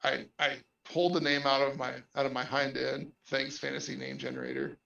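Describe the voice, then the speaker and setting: Guest game master, male, gravelly and a bit high-pitched, rambling chat, echoey far-off mic. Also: level tone, fairly quick, sharp tone. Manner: rambling, restarts often, laughs between points. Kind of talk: casual podcast chat. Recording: echoey distant dull-sounding audio.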